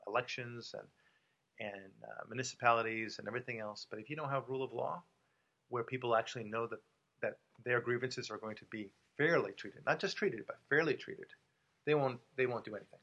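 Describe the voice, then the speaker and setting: A man's voice: medium pitch, gravelly, bright, forceful tone, dull audio. An American man hosting a casual talk show, making his points with emphasis, repeating them and using many fillers. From United States. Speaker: podcast host and author.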